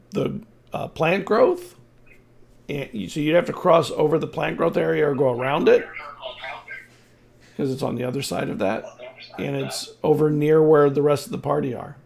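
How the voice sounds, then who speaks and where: A man narrating as game master of a tabletop game, unhurried and halting, with frequent restarts. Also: fairly high pitch, creaky, a little mellow.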